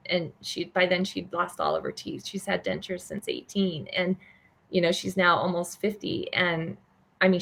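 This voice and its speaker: A woman's voice: fairly low pitch, vocal fry. Older woman guest, vivid storyteller, voices the people she quotes. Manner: animated, acts out quoted dialogue. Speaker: guest, charity founder. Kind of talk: storytelling in an interview.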